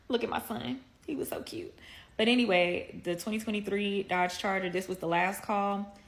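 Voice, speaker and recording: A woman's voice: medium pitch, steady tone, normal speed. A woman in a casual video monologue, playfully and affectionately going through her cars and what she paid for each. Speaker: social media creator listing her cars.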